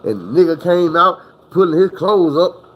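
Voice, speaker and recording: A man's voice: on the high side, lively intonation, moderate pace, muffled recording. Man telling a rambling profane story. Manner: profane, rambling, acts out the people he quotes. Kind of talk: casual spoken storytelling.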